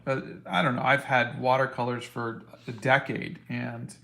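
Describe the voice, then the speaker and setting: A middle-aged man, an artist answering viewer questions in a relaxed, casual livestream chat. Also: mid-range voice, moderate pace, gravelly. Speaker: artist and show host.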